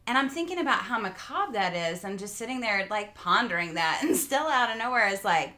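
A woman on a casual podcast telling an animated anecdote, giggling as she talks. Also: mid-range voice, fairly quick. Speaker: podcast guest. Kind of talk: casual storytelling chat.

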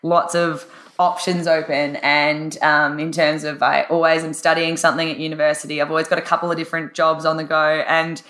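A woman with a husky, low voice talks as a podcast guest. She rambles with enthusiasm and laughs easily. The room gives her voice a noticeable echo. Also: level tone, a little fast, a bit bright. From Australia. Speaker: podcast guest, life coach. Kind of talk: casual interview chat.

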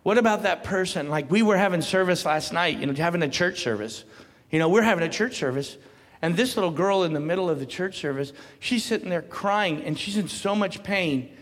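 A man preaching with a high voice, easing into low talk and then rising into loud, emphatic calls. He laughs between points. The sound rings with the long reverb of a large hall. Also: expressive, brisk, hardly any pauses. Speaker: pastor. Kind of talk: sermon.

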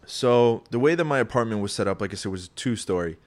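A young man telling a personal story in a casual, rambling, profane way, getting animated as he retells it. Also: fairly low pitch, quick pace.

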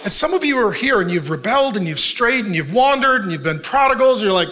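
Animated middle-aged man preaching, bright voice. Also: high-pitched, quick pace. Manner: animated, shouting peaks, drops to soft tender asides; laughs often, self-deprecating humor. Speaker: pastor. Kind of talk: sermon.

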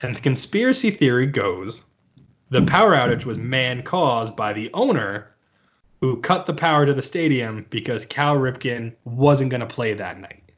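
A man's voice: medium pitch, expressive, moderate pace, lo-fi sound. A man co-hosting a casual podcast chat, playfully spinning wild hypotheticals. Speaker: podcast co-host.

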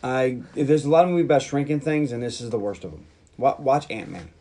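A man talks through a movie he didn't like, his humor dry and deadpan. His pitch sits in the middle range. It is relaxed, casual podcast chat. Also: brisk. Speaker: podcast co-host.

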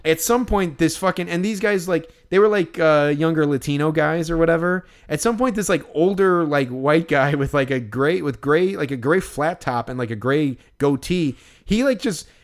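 Animated rambling man telling a story. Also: a little high, moderate pace, hardly any pauses. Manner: animated, rambling, swears freely. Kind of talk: casual storytelling chat.

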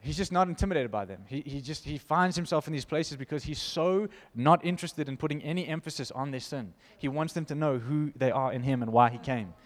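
Animated preacher man, reverberant hall. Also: on the high side, a little fast, few pauses. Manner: animated, emphatic, laughs between points. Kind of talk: informal sermon with scripture reading.

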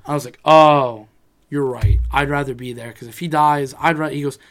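A man's voice: mid-range voice, steady tone, fast talker. A man in casual chat, telling a rambling personal story, swearing freely and acting out what people said.

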